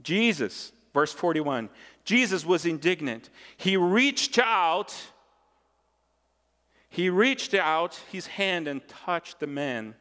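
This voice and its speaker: A man's voice: a little high, very animated, slow, pushed and bright. A male pastor delivering a sermon with emphatic, repeated phrases. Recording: long reverb of a large hall.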